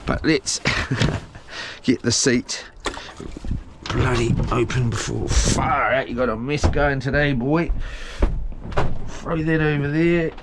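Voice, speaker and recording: A man's voice: medium pitch, steady tone, slow pace, heavy background noise. A man chatting to himself while tidying his boat on a live stream, rambling and swearing as he goes. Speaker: solo boat vlogger. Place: small houseboat on the water.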